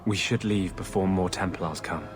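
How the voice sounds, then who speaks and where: A man's voice: low voice, moderate pace, music in the background, natural voice. An actor voicing a brooding male mage haunted by a vengeful spirit, speaking in a grave, intense, earnest way in video game dialogue. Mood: grim.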